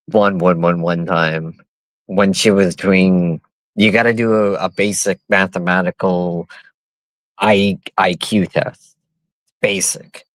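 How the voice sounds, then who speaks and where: A man telling a story in casual talk, halting and restarting often. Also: low voice, a bit bright, no echo. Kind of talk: casual chat.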